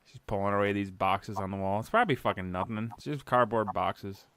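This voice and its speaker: A man's voice: on the low side, steady tone, fairly quick, fairly bright tone, clear, resonant tone, dry recording. A man co-hosting a casual podcast chat, teasing his co-host and narrating what she does.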